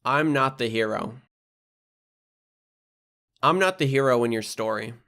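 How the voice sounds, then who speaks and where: A man's voice: medium pitch, unhurried, bright, forceful tone. A young man reading his own spoken-word poetry aloud, in a rhythmic, rhyming delivery full of blunt swearing.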